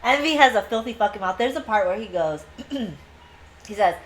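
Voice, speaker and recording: A woman's voice: mid-range voice, expressive, moderate pace, low-quality recording. Gushing, foul-mouthed woman podcast co-host. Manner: profane, gushing, acts out quotes. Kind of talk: casual book review chat.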